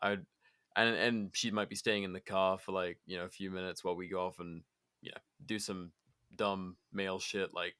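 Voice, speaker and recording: A man's voice: low voice, little pitch movement, moderate pace, pushed and bright, clean tone. A young man co-hosting a podcast, telling rambling stories in casual chat, swearing freely and laughing often. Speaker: podcast co-host.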